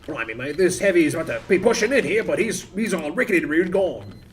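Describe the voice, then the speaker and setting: A man's voice: on the high side, big pitch swings, fast talker, slight background noise, pitched above the performer's own voice. A man voicing a blustery male mercenary in a put-on British accent, calling out orders with mock-heroic, clipped exclamations during a game stream.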